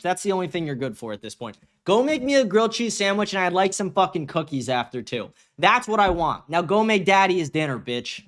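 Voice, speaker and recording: A man's voice: sits high, sing-song, fairly quick, hardly any pauses, a bit bright. A young man hosting a livestream show, reading viewer comments aloud and answering them in a heated, profane rant. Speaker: host.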